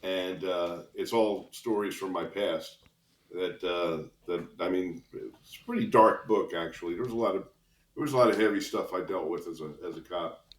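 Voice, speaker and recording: A man's voice: low voice, moderate pace. A man in his sixties, a retired police officer, telling vivid stories as a guest in a podcast interview, chuckling as he goes. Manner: lively anecdotal storyteller, chuckles between lines. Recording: roomy echo.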